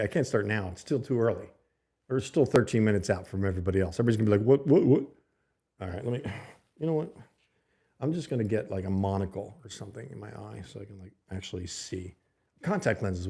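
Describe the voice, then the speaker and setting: A man's voice: fairly low pitch, mellow, breathy edge. A man hosting a livestream, chatting loosely with viewers and reading their comments aloud. He speaks close to a desk mic in a home streaming setup. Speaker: livestream host. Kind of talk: casual livestream chat with viewers. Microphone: desk mic held close to the mouth.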